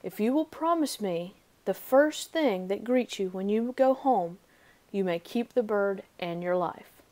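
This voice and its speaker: A woman's voice: mid-range voice, animated, unhurried, dark tone, lightly acted. A woman voicing a stern lion. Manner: stern, commanding. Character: lion, courageous and stern, male.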